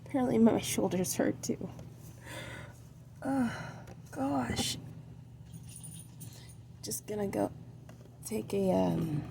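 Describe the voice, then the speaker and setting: A tired middle-aged woman rambles through a casual vlog, hesitating and trailing off as she talks. Her voice is heavily gravelly and her pace is slow and unhurried. A clear noisy ambience sits behind her. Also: medium pitch, animated. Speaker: vlogger. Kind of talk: casual rambling chat while painting.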